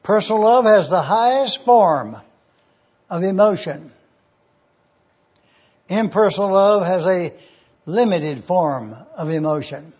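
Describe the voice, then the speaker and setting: High, husky-voiced man preaching slowly. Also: animated, a little mellow, muffled recording. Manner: slow, deliberate, repeating key phrases. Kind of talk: numbered teaching sermon.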